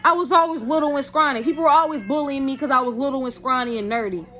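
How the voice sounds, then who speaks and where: A woman's voice: high-pitched, quick pace, sharp tone, a little hiss or hum. A woman giving an impassioned personal testimony on her vlog, emphatic and preachy, calling out to "y'all". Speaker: vlogger.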